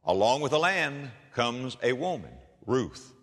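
Boaz, a preacher doing a plain-spoken old landowner. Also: male voice, mid-range voice, sing-song, unhurried, a bit bright, big-room sound, voice pushed down. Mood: cautioning. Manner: plain conversational retelling. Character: Boaz, kindly ancient male landowner explaining.

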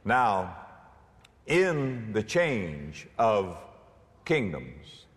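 A man preaching a sermon in a dramatic way, building to shouted climaxes. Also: lowish voice, very animated, drawn-out words, big-room sound.

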